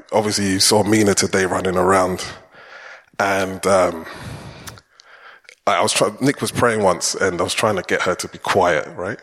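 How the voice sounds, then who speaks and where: Casual low-voiced male preacher in church. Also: a bit bright. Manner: casual, chatty, asks congregation questions. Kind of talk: conversational sermon. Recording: long church hall reverb.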